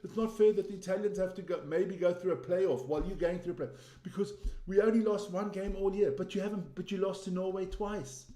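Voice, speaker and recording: Man putting on a complaining male football coach, mocking, whiny, higher voice, echoey room. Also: steady tone, a little fast, dark tone, close to an everyday voice. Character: whining indignant middle-aged male football coach. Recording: roomy echo.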